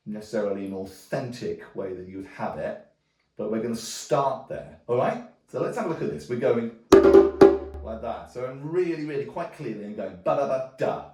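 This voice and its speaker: A man teaching djembe, explaining technique in a relaxed way and often checking in with a quick "okay?". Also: mid-range voice. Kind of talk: demonstrating drum technique. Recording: roomy sound from a distance. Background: djembe drumming.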